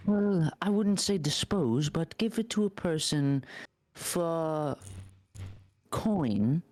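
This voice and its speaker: A man's voice: fairly high pitch, animated, takes it slowly, a little mellow, dry recording. A man, a player in a tabletop game, speaking in character in a hesitant, polite way. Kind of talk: tabletop role-play in character.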